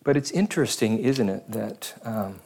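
A man's voice: lowish voice, normal speed, gravelly, darkish tone, slightly rough. A man giving a casual, conversational sermon as a pastor, rambling with self-deprecating asides.

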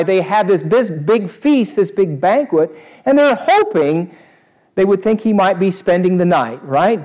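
A man preaching a sermon to a live congregation, animated and asking them questions. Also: high voice. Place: church service before a congregation.

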